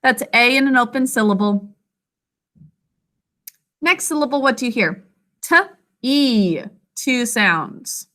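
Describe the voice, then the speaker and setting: A woman teacher leading a spelling lesson, sounding out words slowly syllable by syllable and calling on students by name. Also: a little high, sharp tone. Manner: slow, deliberate dictation, sounding out words syllable by syllable.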